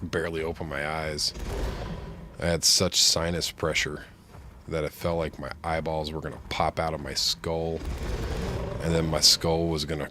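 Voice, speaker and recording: An extremely low-pitched man talks at normal speed in a level tone, his voice congested and nasal from the flu. Chatting casually while gaming, he jokes and rambles, with background noise audible.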